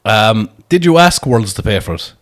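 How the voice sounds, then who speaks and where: A man's voice: lowish voice, very animated, moderate pace. A man with an Irish accent hosting a casual podcast chat, joking and teasing his guest. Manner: jokey, teasing, laughs often. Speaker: podcast host.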